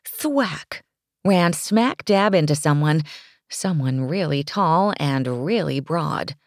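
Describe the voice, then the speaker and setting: A woman narrating a romance audiobook in an expressive, scripted style. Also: sits low, slow pace, no room sound, clean studio sound.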